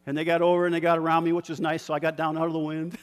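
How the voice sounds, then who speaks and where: A man preaching a sermon, moving between quiet personal reflection and loud, fervent storytelling with bursts of laughter. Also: a little high, completely flat delivery, very fast, smooth, long reverb tail. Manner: builds from soft reflection to shouted fervor, with laughs.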